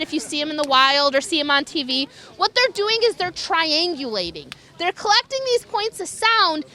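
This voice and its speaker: A young raptor educator gives an enthusiastic public lecture about wildlife, occasionally mimicking animal calls. Her voice is very high and sharp.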